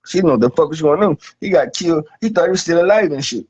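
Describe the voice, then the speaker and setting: A man's voice: a little high, animated, fast talker, darkish tone, breathy edge. A man delivering a rambling, profane comic monologue, saying "man" at the end of nearly every line. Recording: dull lo-fi recording.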